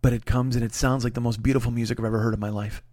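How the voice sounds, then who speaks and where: A man's voice: mid-range voice, racing, dry recording. Profane man telling a comic story. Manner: profane, animated, swings between hushed retelling and loud exasperation. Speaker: comedian storyteller. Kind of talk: casual comedic storytelling.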